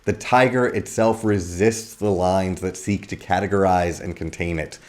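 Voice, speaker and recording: A man giving a scripted video lecture on poetry, measured and explanatory, reading verse lines slowly. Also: low-pitched, steady tone. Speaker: literature lecturer.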